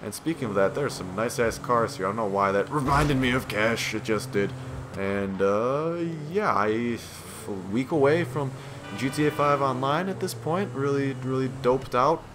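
A man's voice: medium pitch, expressive, moderate pace, background noise. A man giving casual gameplay commentary, rambling, swearing and self-deprecating, sounding tired and yawning.

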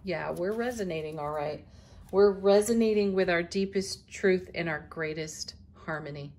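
Casting note: middle-aged woman, tarot reader, lowish voice, gentle and spiritual, laughs easily. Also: normal speed. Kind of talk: daily tarot reading to camera.

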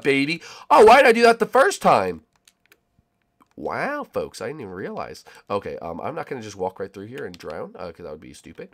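A young man giving excitable, rambling commentary as he plays a game with friends, often shouting "oh, baby". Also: mid-range voice, breathy edge. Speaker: gaming YouTuber. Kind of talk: excited let's-play commentary.

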